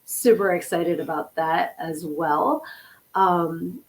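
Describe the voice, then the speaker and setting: A woman in her fifties with a slightly low voice, hoarse and sniffly from a lingering cold. She chats casually to her livestream audience, greeting people by name and apologizing for how she sounds. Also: slow. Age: 50s. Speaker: podcast host and author.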